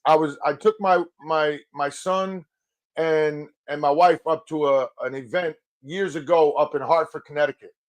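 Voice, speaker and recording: A middle-aged man hosting a casual chat, telling animated stories. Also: a little high, moderate pace. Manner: storytelling, animated. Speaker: podcast host.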